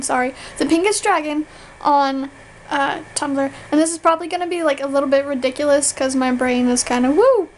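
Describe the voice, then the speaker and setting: A young American woman with a high, bright-pitched voice talks through an accent challenge in a loose, chatty vlog manner. She rambles, laughs at her own slips and corrects herself as she goes. A faint hum of noise sits under her voice. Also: low-quality recording. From Virginia, USA. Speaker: vlogger.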